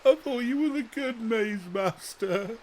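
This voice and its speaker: A man putting on a Scottish accent to play a furious, foul-mouthed male spin doctor who shouts insults. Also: very high-pitched, unhurried, a little hiss or hum, voice pushed up. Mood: ranting. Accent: Scottish, put on.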